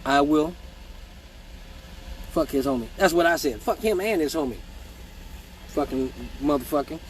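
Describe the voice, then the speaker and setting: A man telling profane childhood stories in a casual live stream, animated and mimicking voices, with hiccups. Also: a little high, normal speed, a little hiss or hum, rough recording. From Michigan. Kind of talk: casual storytelling.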